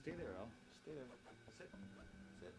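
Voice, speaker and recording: A man hosting a relaxed music show from his small home studio, chatting and telling jokes between songs. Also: medium pitch, moderate pace. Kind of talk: casual live-stream chat and song.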